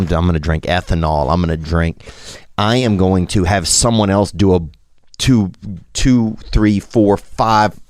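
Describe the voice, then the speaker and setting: A man's voice: deep voice, no room sound, clean studio sound. A man in his thirties with a Southern American accent, telling a rambling, self-deprecating story in a casual monologue.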